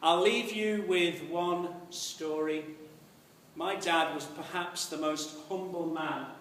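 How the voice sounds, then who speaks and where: A man telling a gently humorous story as part of a sermon in a church. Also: a little high, steady tone, slow, slight background noise. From Ireland. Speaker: preacher. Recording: echoey church from far off.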